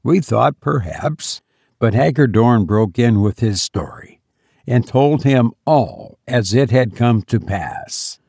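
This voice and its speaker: A man narrating a story as an audiobook in a measured, deliberate manner. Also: mid-range voice, mellow, dry recording, studio quality.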